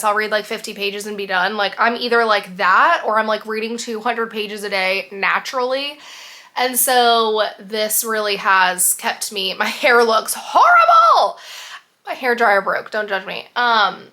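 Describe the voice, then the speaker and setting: A woman's voice: on the high side, bright, forceful tone. A young woman book vlogger talking casually to camera, chatty and gushing, with many restarts. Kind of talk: casual vlog chat.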